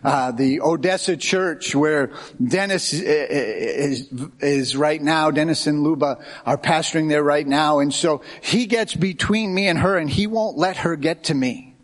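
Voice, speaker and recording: A middle-aged man from the United States preaching a sermon as a pastor, telling lively stories with quoted dialogue. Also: on the high side, a little slow. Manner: animated anecdotes with quoted dialogue. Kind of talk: sermon with storytelling.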